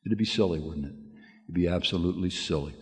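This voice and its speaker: An older man with a fairly low voice tells folksy stories to a meeting crowd, laughing at his own jokes and stumbling into restarts. His words ring out with a long reverb, as in a big hall. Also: quick pace, a little mellow. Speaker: AA speaker giving a lead. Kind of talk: storytelling talk at a recovery meeting. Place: meeting room with audience.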